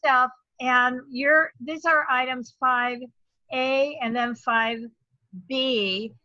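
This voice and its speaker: Bright-voiced woman chairing a meeting. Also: sits high, steady tone, slow, no echo. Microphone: video call. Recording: dull, dry video call audio.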